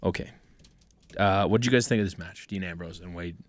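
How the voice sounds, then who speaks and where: Male podcast co-host, low voice, dry close studio sound, laid-back delivery. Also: brisk, dry recording. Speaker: podcast co-host leading the segment. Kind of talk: casual wrestling talk. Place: small studio.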